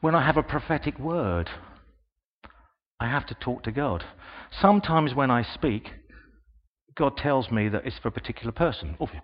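An older man preaches a sermon, telling stories and acting out the people he quotes. His voice sits at an ordinary middle pitch. The sound is a little dull and rings with the long reverb of a church hall. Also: lively intonation, normal speed.

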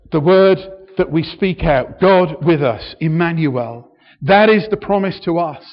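A man preaching a sermon in a church, earnest, often restarting his sentences and building in emphasis. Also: high voice. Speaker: pastor. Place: church hall. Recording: dull, hall reverb.

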